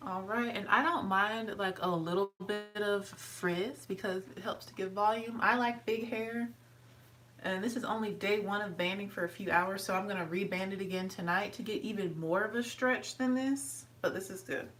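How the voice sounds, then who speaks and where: Her voice is a bit bright, with fairly even intonation and a moderate pace, though the audio is poor and the mic distant. She's a talkative vlogger walking through her hair routine, chatting along and using a sweet, high voice whenever she addresses her dog.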